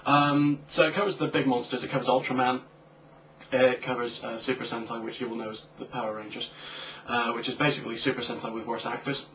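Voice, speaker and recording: A man's voice: medium pitch, flat delivery, fairly quick, a bit bright. A young man chatting casually as a co-host, rambling and joking with lots of fillers. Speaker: co-host, comic creator. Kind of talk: casual chat. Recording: distant lo-fi mic with faint hiss.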